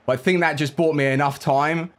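A young man giving live commentary on his own football video game match, reacting out loud to every play. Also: on the high side, fairly even intonation, brisk. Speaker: gaming YouTuber.

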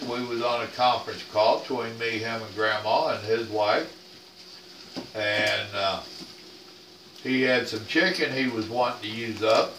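A man's voice: medium pitch, slight background noise. Rambling folksy older man in a roomy kitchen. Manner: rambling, folksy, plain-spoken. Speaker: cooking channel host. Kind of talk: casual cooking vlog chat. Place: home kitchen. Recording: roomy kitchen sound, camera off at a distance.

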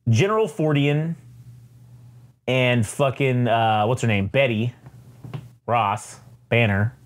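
A man's voice: mid-range voice, slow pace. A man co-hosting a podcast, casually recapping a comic in a rambling, profane way. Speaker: podcast co-host. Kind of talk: casual chat.

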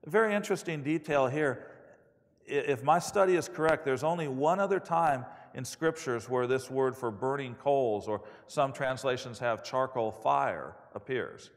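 A man preaching a sermon, telling stories in an animated way and acting out the quotes. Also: mid-range voice, moderate pace. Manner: animated storytelling with acted-out quotes. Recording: long hall reverb.

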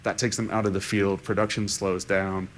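A man with a somewhat low voice answers questions on a conference panel. He thinks aloud, restarts his sentences and keeps checking in with "right?". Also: flat delivery, normal speed, slight background noise. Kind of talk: unscripted panel discussion.

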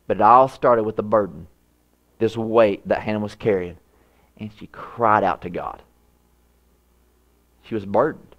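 A man preaching a sermon, voice rising high when he acts out prayers and dropping low and soft for quiet lines. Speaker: pastor.

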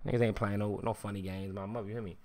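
A man's voice: fairly low pitch, level tone, racing, mellow. A man ranting on a live stream in casual street slang, swearing often and repeating "you hear me". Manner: repetitive, keeps saying "you hear me", swears freely; slang-heavy street talk.

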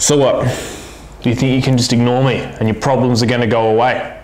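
A man's voice: mid-range voice, flat delivery, brisk, darkish tone, lightly acted. An actor playing a blustering policeman who grills a silent suspect in a mock-tough, theatrical way. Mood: stern. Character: blustering male cop interrogating a silent suspect. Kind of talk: comedy web-series acting. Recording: echoey room with faint noise.

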